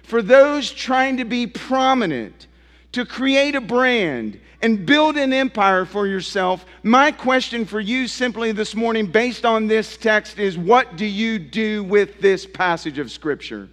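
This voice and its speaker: A man's voice: sits high, expressive, takes it slowly, a bit bright, in a large hall. A man preaching a sermon in a church as pastor, with impassioned rising and falling emphasis. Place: church sanctuary.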